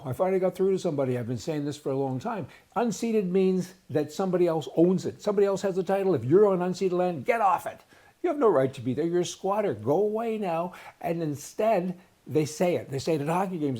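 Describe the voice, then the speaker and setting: Man, opinion rant, indignant, emphatic, fairly high voice, dark mellow tone. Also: expressive, fast. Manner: indignant, emphatic ranting with repeated words. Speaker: host of advocacy newsletter show. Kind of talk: opinion monologue.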